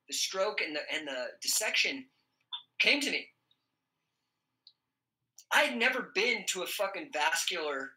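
Middle-aged man, podcast guest, swears a lot, bright voice, echoey room. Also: fairly high pitch. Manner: profane, animated, laughs often. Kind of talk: casual storytelling. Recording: roomy echo.

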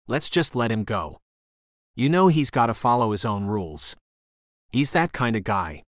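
A man narrating an audiobook, voicing a sweet, dim-witted bruiser younger brother in a deeper voice. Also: animated, moderate pace, dry recording, clean studio sound, lightly acted. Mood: coaxing.

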